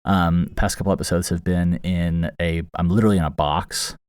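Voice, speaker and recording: A man's voice: low-pitched, fairly even intonation, moderate pace, darkish tone, clear, resonant tone, no room sound. A man hosting a podcast, telling a funny story casually with fillers and restarts, recorded close in a small foam-lined box. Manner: rambling, amused, many fillers and restarts. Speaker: podcast host. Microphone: close studio mic inside the box. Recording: very dry, close booth sound.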